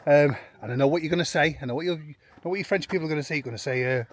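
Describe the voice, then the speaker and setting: A man with a fairly high voice talks very fast in a casual, chatty vlog, filmed outdoors on a rural smallholding. He shares his family's life abroad, rambling and self-deprecating, with plenty of "um" and "anyway" fillers.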